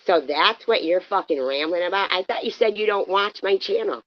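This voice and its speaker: A low-pitched woman tears into a caller on her livestream, swearing and mocking. Her voice comes through dull and lo-fi, in a dry space with no room sound. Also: expressive, a little fast, dry recording. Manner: cursing, combative, mocking. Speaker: livestream host. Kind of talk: heated livestream argument.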